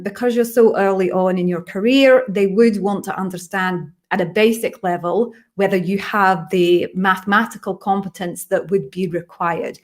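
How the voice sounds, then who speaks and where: A woman's voice: mid-range voice, natural voice. A woman putting on a Scottish accent to give career advice in a playful way, recorded in an echoey home office. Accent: put-on Scottish.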